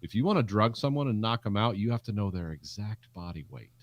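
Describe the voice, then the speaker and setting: A man's voice: on the low side, expressive, a little fast, dry recording. A middle-aged man co-hosting a casual film podcast, telling rambling, jokey stories full of fillers. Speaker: podcast co-host.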